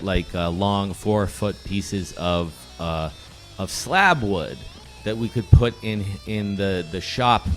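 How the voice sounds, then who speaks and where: A man co-hosting a podcast, telling rambling, profane stories in a casual chat. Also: fairly low pitch. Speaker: podcast co-host. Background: music playing.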